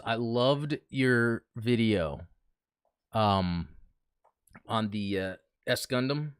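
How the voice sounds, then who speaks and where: A man's voice: medium pitch, extremely slow, long pauses, clear, resonant tone, dry recording, clean studio sound. A man hosting a casual livestream from home, chatting with viewers while setting up and thinking aloud, talking into a desk mic. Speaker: livestream host. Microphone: desk mic he talks into.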